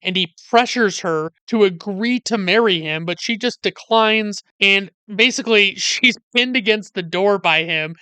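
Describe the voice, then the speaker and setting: A man's voice: sits high, a little slow, few pauses, bright, forceful tone, clean tone, dry recording. A man narrating a casual movie review in a chatty, wry way, wandering off on side tangents as he retells the plot. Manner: chatty, wry and sarcastic, with digressions and many "like" fillers. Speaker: film reviewer.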